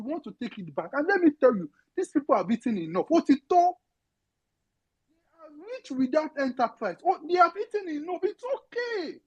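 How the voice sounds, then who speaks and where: A woman's voice: high voice, darkish tone, low-quality recording. A Nigerian woman with a Yoruba-inflected accent, giving a passionate, pleading political speech on a live audio space, swearing and close to tears. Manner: pleading, swearing, voice breaking with emotion.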